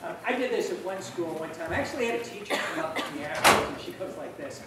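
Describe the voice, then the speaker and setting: A man giving a motivational keynote talk to students, telling funny stories in an animated way. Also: fairly high pitch, fast, hardly any pauses, heavy background noise. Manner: animated, humorous storytelling. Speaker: motivational speaker. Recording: echoey hall from far off.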